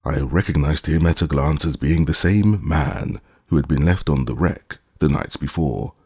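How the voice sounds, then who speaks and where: A male audiobook narrator with an extremely deep, husky, gravelly voice. He tells the story in a measured, deliberate first-person way. The sound is dry and close. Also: a little mellow, no echo.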